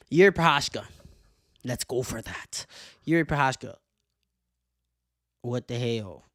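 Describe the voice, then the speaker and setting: A man hosting a casual sports commentary show, animated and profane, laughing often as he makes his case. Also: medium pitch, no room sound, studio quality. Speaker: show host.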